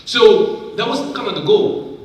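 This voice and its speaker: A man's voice: high-pitched, a little slow, far from the mic, slight background noise. A young man telling a story in a sermon at a youth conference, acting out what people said in a raised voice. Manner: animated, acts out quotes in a raised voice. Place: large conference hall. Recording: echoey hall, mic heard from afar.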